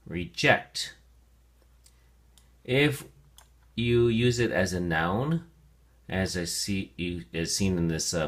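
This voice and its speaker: A man with a very low voice teaches a word of the day. He sounds words out slowly and deliberately, filling pauses with frequent ums and okays. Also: fairly bright tone. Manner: slow, deliberate enunciation with fillers. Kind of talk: vocabulary lesson to students.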